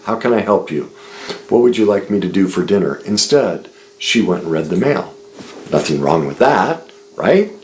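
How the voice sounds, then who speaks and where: A low-pitched man talks alone on his stream, earnest and emphatic. He stacks his points in repeated lists while explaining a book. A faint hum of ambience sits behind him. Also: low-quality recording. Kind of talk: solo commentary on a book.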